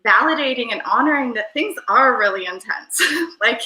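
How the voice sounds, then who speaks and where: Speaking over a video call, this woman is a guest in a relaxed interview, drifting through airy, Valley-girl-like tangents packed with filler words. Her slightly high voice has lively intonation, an ordinary pace and a pushed, bright quality. Echo fills the room.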